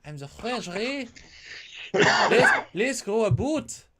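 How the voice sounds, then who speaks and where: A man's voice: wildly swooping pitch, slow, sharp tone, full character voice. A man putting on a silly, over-the-top French Canadian voice as a joke. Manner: playful, over-the-top, higher pitched.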